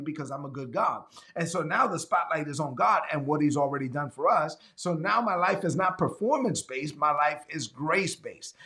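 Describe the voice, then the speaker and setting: A man's voice: fairly high pitch, fairly bright tone. A man preaching an online sermon, repeating key phrases and asking listeners to answer in the chat, sometimes acting out voices he quotes. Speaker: pastor.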